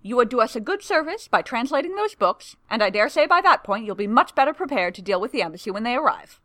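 Woman reading older male official, courteous, smooth, assured. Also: a little high, big pitch swings, fast, a bit bright, no echo, clean studio sound, pitched above the performer's own voice.

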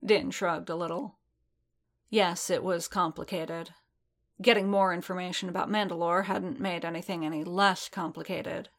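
Woman reading fic aloud, steady, lowish voice. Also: normal speed. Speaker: reader. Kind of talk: audiobook narration of fan fiction.

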